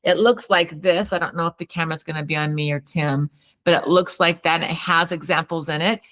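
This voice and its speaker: A woman's voice: low voice, fairly even intonation, brisk, a bit bright. A woman therapist and co-host in casual teaching chat, chatty, often restarting sentences and laughing while she tells stories.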